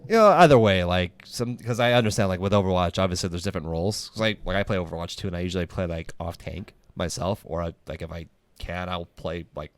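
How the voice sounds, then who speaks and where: A young podcast host with a voice that sits low talks at a quick pace in a casual chat. He tells stories in a rambling style, full of fillers and restarts.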